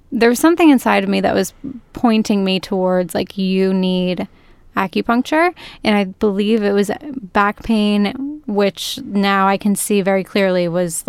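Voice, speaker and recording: A woman's voice: medium pitch, gravelly, clean tone, no room sound. A woman hosting a casual podcast, talking effusively with many "like" fillers. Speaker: podcast host and juice bar owner.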